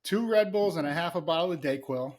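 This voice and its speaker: A man co-hosting a podcast, a former football player telling profane, animated stories in casual chat. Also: a little high, fairly quick.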